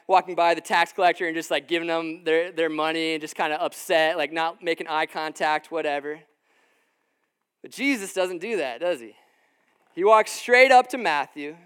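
A man's voice: high-pitched, fairly bright tone, clear, resonant tone. A man preaching in a casual, conversational way, with lots of fillers and restarts, acting out what the people in his story say. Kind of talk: sermon. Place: room with a live audience.

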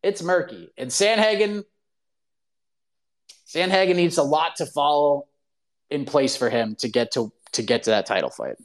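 A man hosting a live talk show, talking in a casual, animated and opinionated way. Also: on the high side, a little slow, long pauses. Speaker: show host.

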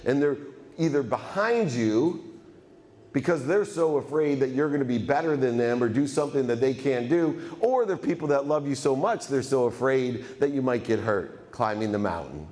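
A man speaks from a stage in a motivational keynote, his voice pitched in the middle range. He drives his points hard and repeats lines for effect. A long reverb from a large hall trails each phrase. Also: lively intonation, normal speed, darkish tone.

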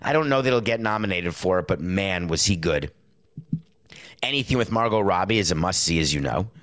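Middle-aged male commentator, slightly low voice; loose, animated solo talk with acted-out asides. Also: fairly quick. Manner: animated, acts out quotes in put-on voices. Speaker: sports and movie commentator. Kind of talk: casual monologue commentary.

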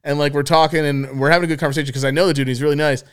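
A man's voice: on the high side, fairly even intonation, racing, clean tone. A young man co-hosting a podcast, telling a story in casual chat, acting out the quotes and laughing often. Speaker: podcast co-host.

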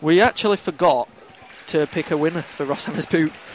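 A man's voice: fairly high pitch, a little fast, slight background noise. Yorkshire man rambling on a fan podcast. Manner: rambling, jokey, laughs often. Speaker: podcast co-host. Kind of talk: casual chat.

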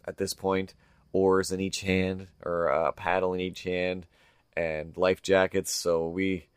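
Deep-voiced man telling a rambling story. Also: little pitch movement, slow, smooth, no room sound. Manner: rambling anecdotal delivery, acts out quoted people. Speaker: podcast co-host. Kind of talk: casual storytelling chat.

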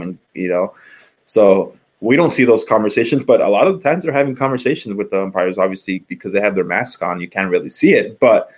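Middle-aged guy, low voice, rambles and restarts a lot, casual podcast chat. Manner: rambling, many restarts and fillers. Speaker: podcast co-host, former college pitcher.

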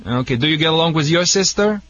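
A man's voice: a little high, expressive, quick pace, fairly bright tone, no room sound. Joking Russian-accented man on radio. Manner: joking, chuckles often, broken English. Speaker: dog trainer answering callers. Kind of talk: radio call-in advice. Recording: dull lo-fi radio sound.

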